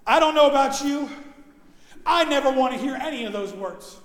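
A male pastor delivering a sermon with emphatic preaching, his voice hoarse from overuse, swinging between loud and soft and slowing down to stress his points. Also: extremely high pitch, lively intonation. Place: church sanctuary. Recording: echoey church hall.

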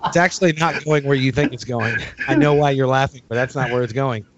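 A man's voice: mid-range voice, brisk, slight background noise. A man hosting a podcast in casual chat, telling stories in a laid-back way and swearing casually. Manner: laid-back, swears casually, animated when quoting others. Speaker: podcast host and drummer. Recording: dry, slightly dull sound.

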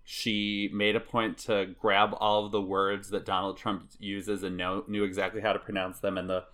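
Low-voiced guy cohosting a podcast, bright edgy tone, drags words out for emphasis. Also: completely flat delivery, normal speed. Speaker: podcast co-host. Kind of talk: casual podcast chat.

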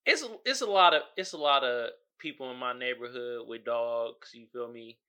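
A man hosting a podcast in casual solo commentary, animated and joking, laughing often, with slangy street talk. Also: mid-range voice, moderate pace, smooth, lo-fi sound. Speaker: podcast host.

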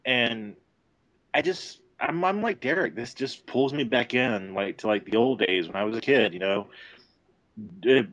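A man with a deep voice co-hosting a podcast, chatting casually with laughs, restarts and swearing. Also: measured pace, fairly bright tone, no echo, lo-fi sound. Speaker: podcast co-host. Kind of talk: casual chat.

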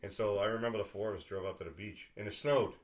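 A middle-aged man with a light Boston-area accent and a somewhat low voice. He hosts a podcast in loose, chatty talk. He circles his point with fillers and restarts. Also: quick pace. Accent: New England, Boston area. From New England. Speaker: podcast host. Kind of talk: casual chat.

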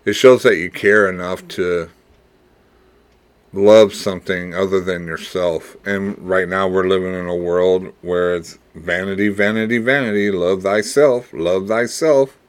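A man hosting his own podcast, talking in a reflective, rambling way with pauses and repeats, earnest and fatherly, and ending with blessings. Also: deep voice, fairly even intonation, clean tone. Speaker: podcast host. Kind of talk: casual solo podcast monologue.

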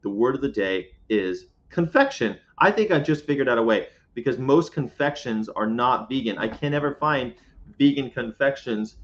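A man's voice: medium pitch, lively intonation, moderate pace, dull audio. A man chatting casually on a livestream, rambling and joking while he answers viewer comments. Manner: rambling and jokey, reads viewer comments aloud. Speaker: vegan livestreamer. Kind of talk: casual live-stream chat. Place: inside a parked box truck.

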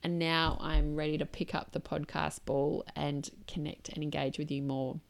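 A woman in her thirties with a low voice talks alone into the mic for her podcast. She is candid and reflective, and her speech drifts through loose asides. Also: little pitch movement, moderate pace, creaky. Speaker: podcast host. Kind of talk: solo podcast monologue.

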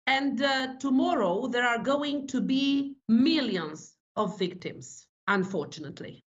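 A Romanian-accented woman speaks English as a second language, slowly and earnestly, stopping often to find her words. Her voice sits a touch high. The sound is a little muffled and lo-fi. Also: lively intonation. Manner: halting, many fillers, earnest. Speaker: senator guest. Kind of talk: remote interview answers.

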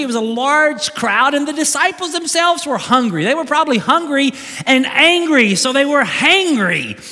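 A man preaching a sermon to a large congregation in a church sanctuary, building to animated emphasis. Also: high-pitched. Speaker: pastor. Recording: long reverb of a big hall.

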